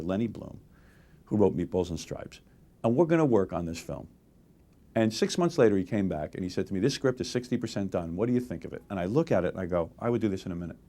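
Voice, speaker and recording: A man in his forties sits as a guest in an interview and talks candidly about his work and life. He speaks fast, his pitch swings widely, and he acts out the people he quotes as he tells his stories. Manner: animated storytelling, acts out quotes. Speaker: radio host, interview guest.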